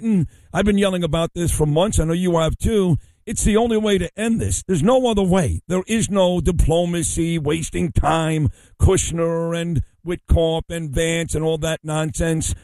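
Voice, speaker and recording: A man's voice: fairly high pitch, a little mellow, no echo. A man hosting a talk radio show, blunt and emphatic as he questions his guest.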